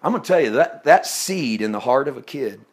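A man preaching a sermon, swinging from loud exclaiming to hushed, intimate tones, often laughing as he talks. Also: medium pitch, lively intonation, brisk, husky.

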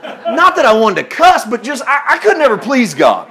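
A man preaching a sermon, swinging from loud exclaiming to hushed, intimate tones, often laughing as he talks. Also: very high voice, huge pitch swings, normal speed.

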